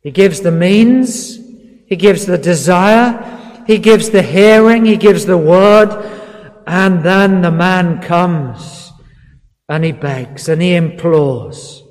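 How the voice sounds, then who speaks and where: Male preacher, high voice, slow earnest delivery, reverberant church hall. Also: darkish tone. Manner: earnest, pleading, repeats words for emphasis. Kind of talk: sermon.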